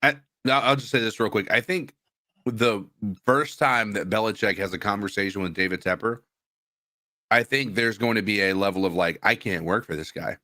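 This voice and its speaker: A man with a lowish but bright, forceful voice co-hosts a sports podcast. He talks haltingly, restarting and filling gaps with "uh" and "like." The sound is close and dry. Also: dry recording. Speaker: podcast co-host. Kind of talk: casual sports chat.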